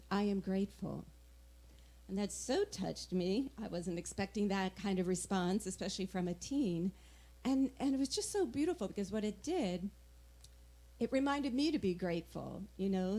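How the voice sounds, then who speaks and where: A woman's voice: medium pitch, dark tone. A woman speaking at a church service, telling a personal story about gratitude in an earnest, conversational way. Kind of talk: casual storytelling talk.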